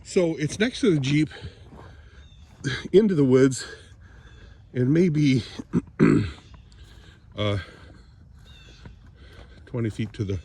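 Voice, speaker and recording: An older man vlogging outdoors by the woods on a phone camera, rambling as he thinks aloud, often clearing his throat and a bit out of breath. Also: fairly low pitch, mellow, a little hiss or hum. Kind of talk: casual morning vlog, thinking aloud outdoors.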